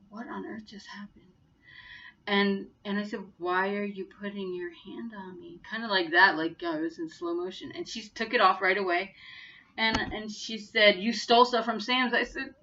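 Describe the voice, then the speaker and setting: Brief: woman, 50s, bright and forceful tone, earnest, indignant vlog storytelling, dull lo-fi recording. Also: mid-range voice. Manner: earnest, indignant retelling of an incident. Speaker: vlogger.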